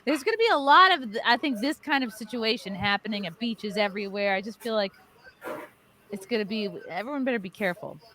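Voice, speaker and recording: A woman hosting a casual group chat over a video call, telling stories in an animated, jokey way. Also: mid-range voice, fast. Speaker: podcast host.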